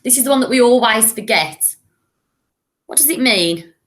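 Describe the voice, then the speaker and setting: In a fairly high, bright-toned voice, an English woman teaches children in a recorded primary school lesson at a moderate, animated pace. She's clear and encouraging, modelling words for the kids to say back.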